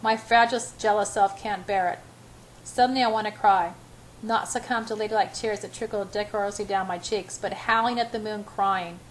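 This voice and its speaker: A woman's voice: mid-range voice, fairly even intonation, normal speed, a little hiss or hum, rough recording. A woman narrating a romance novel in the first person as an amateur audiobook, with small slips and restarts.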